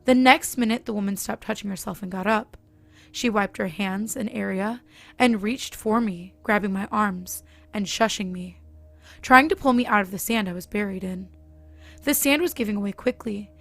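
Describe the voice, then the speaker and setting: A woman narrating a scripted horror story in a steady reading manner. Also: mid-range voice, dry recording.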